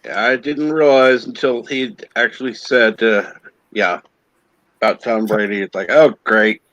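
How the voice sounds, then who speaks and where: Slow, dry-sounding sardonic man. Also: fairly low pitch, steady tone, fairly bright tone, no echo, dull audio. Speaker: podcast co-host. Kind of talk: casual chat.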